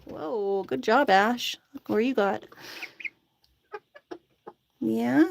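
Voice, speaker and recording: A woman's voice: fairly high pitch, slow pace, vocal fry, pauses often, very noisy. A woman chatting casually and coaxing her chickens to drink by their coop outdoors, laughing often. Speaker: chicken keeper vlogger.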